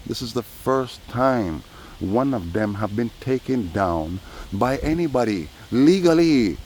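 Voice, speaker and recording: A man's voice: mid-range voice, animated, unhurried, a little mellow. A man, rambling through a casual vlog monologue outdoors and tossing in "you know" every few phrases. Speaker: vlogger. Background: faint traffic noise.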